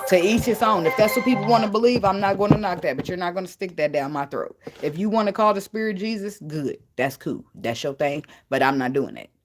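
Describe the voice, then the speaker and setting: A woman's voice: on the low side, animated, brisk, few pauses, faint music behind. A woman tarot reader in a casual spiritual vlog, talking bluntly and emphatically, swearing freely and laughing often.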